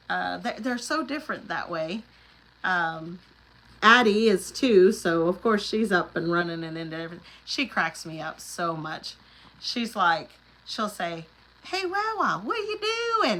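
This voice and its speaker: Reading viewer comments aloud, this middle-aged livestream host from the Oklahoma Panhandle chats casually, laughing a lot and rambling off on tangents. Her medium-pitched voice has a sharp tone, and the audio quality is poor.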